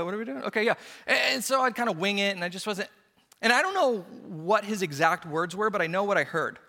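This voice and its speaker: A man's voice: high-pitched, sharp tone. A man preaching a sermon as a pastor, telling stories with playful acted-out quotes. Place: church. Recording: church hall reverb.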